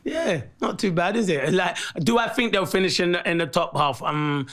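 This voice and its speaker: A man with a South London accent, a football pundit telling animated stories and laughing through them on a podcast. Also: sits high, normal speed.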